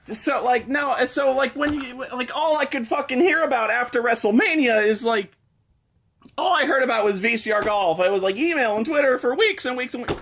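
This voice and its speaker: A man hosting a comedy review, ranting sarcastically and cursing, shouting at times. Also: extremely high pitch, a little fast, slight background noise. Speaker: host.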